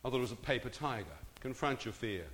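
Quick and a little bright, a medium-pitched male voice delivers a story-driven testimony. He engages the live crowd through jokes and questions, recorded in a hall with a long reverb tail.

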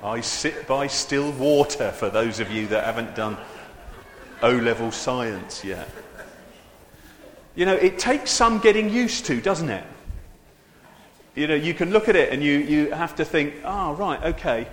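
A man's voice: fairly high pitch, animated, a little slow, slight background noise. A man preaching an informal, humorous sermon into a microphone, chatty and self-deprecating, often turning to the congregation with asides. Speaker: preacher leading a church service. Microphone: handheld or stand microphone. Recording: echoey hall with long reverb.

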